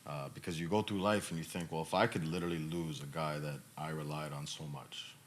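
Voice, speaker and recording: A male podcast host, choked up and emotional, answering questions in a reflective, halting way with many fillers. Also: a bass voice, steady tone, slight background noise.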